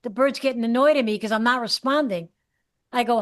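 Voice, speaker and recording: A woman co-hosting a podcast, chatting casually and telling a rambling, animated story. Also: sits high, fairly quick. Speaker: podcast co-host. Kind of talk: casual chat.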